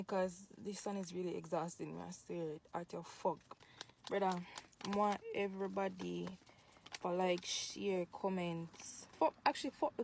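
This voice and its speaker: Speaking to camera in the hot sun outside, a Jamaican-accented woman who posts on social media unleashes an angry rant, swearing a lot and saying things over and over. Her mid-range voice has a darkish tone, with a slight hiss or hum in the audio.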